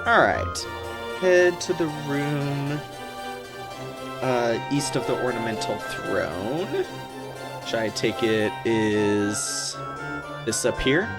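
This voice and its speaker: Brief: mid-pitched man, casual let's play commentary, puzzled asides. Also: expressive, takes it slowly, long pauses, over loud music. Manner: thinking aloud, puzzled asides.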